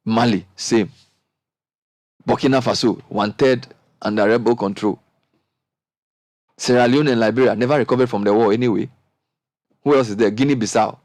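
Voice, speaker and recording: A middle-aged radio show host with a Ghanaian accent leads a panel discussion, his impassioned, animated energy climbing into high exclamations. He speaks at a normal speed, pausing often, and there's no room sound.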